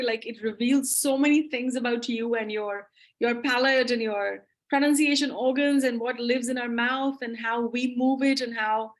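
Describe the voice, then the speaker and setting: A woman English teacher answering audience questions in a live webinar, talking with eager enthusiasm. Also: fairly high pitch. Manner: enthusiastic, explanatory.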